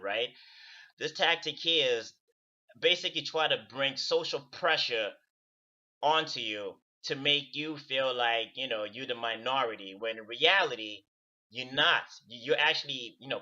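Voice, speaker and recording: A man's voice: mid-range voice, sharp tone, highs cut off. A man talking to camera in a casual, profane rant, repeating words for stress. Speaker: video commentator. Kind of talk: casual ranting monologue.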